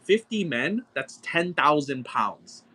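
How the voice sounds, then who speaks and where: A man running a live-stream card auction, ranting excitedly and cursing as he argues a point with his viewers. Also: fairly high pitch, slow, breathy edge. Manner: profane, excitable, argumentative ranting.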